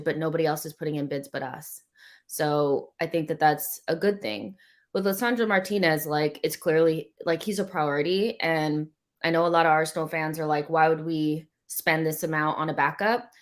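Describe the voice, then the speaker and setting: A woman co-hosting a football podcast, talking in a relaxed, conversational way. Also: sits low, moderate pace. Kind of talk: casual football chat.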